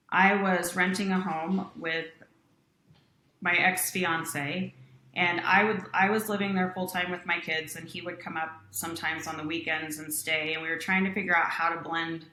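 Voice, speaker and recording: A woman's voice: lowish voice, moderate pace, reverberant, slight background noise. A woman, a company president, earnestly telling a personal story in an interview, voicing the people in it as she goes. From Utah. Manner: earnest, animated storytelling with quoted voices.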